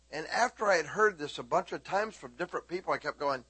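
A man preaching a sermon, animated, swinging between loud exclaiming and hushed talk. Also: fairly high pitch, quick pace, few pauses, slightly rough, no echo.

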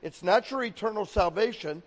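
A man's voice: sits high, normal speed, in a large hall. A man preaching a sermon as a pastor, acting out quoted dialogue as he teaches. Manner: preaching with acted-out quotes of God and people.

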